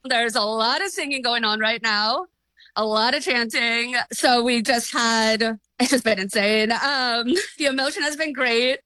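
An excited woman restaurant owner gushes about a football match in an interview. Her voice is bright and fairly high, and the sound is dry and close. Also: no room sound. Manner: excited, gushing, quick to laugh. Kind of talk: phone interview.

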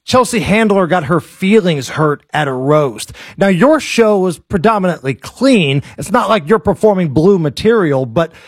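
High-voiced husky male radio host. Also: lively intonation, normal speed, hardly any pauses, no echo, clean studio sound. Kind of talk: radio interview.

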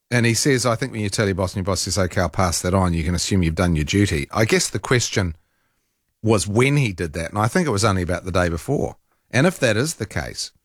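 A man hosting talk radio, chatting casually in an animated, exasperated way with frequent ums and restarts. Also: on the low side, dry recording, studio quality.

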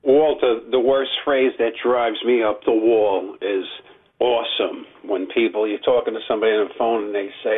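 A man calling in to a radio show, talking earnestly and haltingly. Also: lowish voice, steady tone, slightly rough. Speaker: caller. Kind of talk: call-in radio chat. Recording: tinny phone line.

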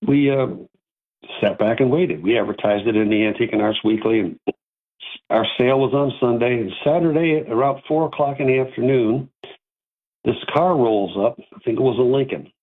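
Husky man telling an animated story. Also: on the low side. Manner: animated, folksy, rambling asides. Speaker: antiques dealer and auctioneer. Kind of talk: casual storytelling. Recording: tinny phone-like audio.

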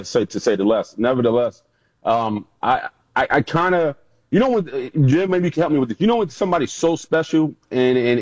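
A man's voice: medium pitch, dry recording, lo-fi sound. A man who is a former football player, telling stories as a guest in a casual interview and acting out the people he quotes. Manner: animated storyteller who acts out quotes.

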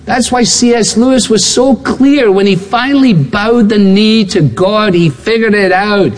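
Male preacher, high-pitched and emphatic, recorded in a large church hall with long reverb. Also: measured pace. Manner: emphatic, building repetition, acts out quoted voices. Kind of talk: sermon.

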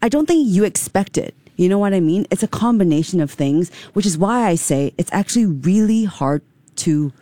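Female radio co-host, low mellow voice, chatty storyteller, dry studio. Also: lively intonation, normal speed, no echo. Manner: conversational, tells anecdotes. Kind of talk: radio talk show chat. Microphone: studio microphone.

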